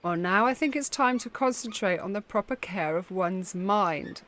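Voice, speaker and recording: A woman voicing an old female snake who calmly teaches meditation in a measured, instructive way. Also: medium pitch, slight background noise, lightly acted. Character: old female snake, calm wise mentor.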